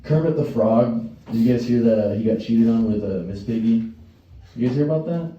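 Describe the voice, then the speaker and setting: A man's voice: mid-range voice, brisk, dull audio. A male stand-up comedian doing a crude, rambling set and laughing at his own jokes. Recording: echoey room, distant mic, faint noise.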